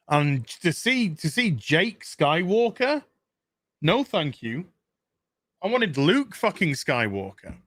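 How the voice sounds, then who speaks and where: Male host, profane sarcastic rant, slow unhurried delivery with bright tone. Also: fairly high pitch, no room sound, clean studio sound. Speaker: show host. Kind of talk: casual ranting commentary. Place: home kitchen.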